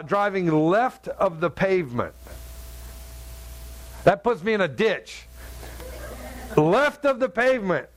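A middle-aged man with a high-pitched voice preaches a sermon, telling it in an animated storytelling style and acting out the voices of the characters.

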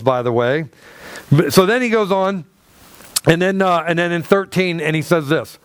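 High-voiced man preaching a conversational sermon. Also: smooth, dry recording. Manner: conversational preaching with asides and laughs. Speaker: pastor. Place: church hall.

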